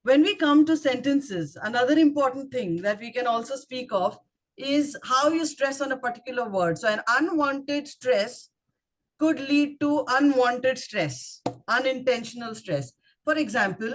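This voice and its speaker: A woman with an Indian English accent walks a speaking club through tricky words. Her voice sits slightly high, and she spells terms out letter by letter before testing the group with questions. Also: expressive, measured pace. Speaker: grammarian at a speaking club meeting. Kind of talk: instructive club talk.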